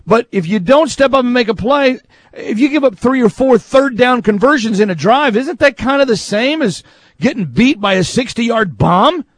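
A man hosting a sports talk radio show, animated and exasperated, who yells for emphasis. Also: very high voice, moderate pace, no room sound.

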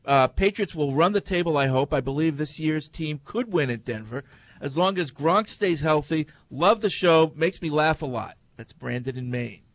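A man's voice: a little high, expressive, normal speed, no echo. A man hosting a casual sports talk show, reading listener emails aloud between chat.

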